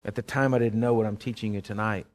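A man preaching a sermon, animated and storytelling, breaking into sudden loud outbursts. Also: fairly low pitch, fast.

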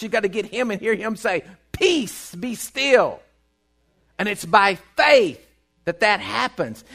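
A man preaching a sermon, swinging between loud bursts and hushed, quiet stretches. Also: very high-pitched. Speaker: pastor.

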